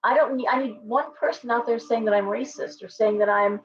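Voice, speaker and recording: A woman's voice: on the high side, steady tone, a little fast. A chatty middle-aged woman hosts a casual livestream and wanders from one thought to the next. She breaks off now and then to answer viewer comments. The stream audio is dull and lo-fi. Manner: chatty, digressive, talks back to viewer comments. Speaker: shop owner hosting a livestream.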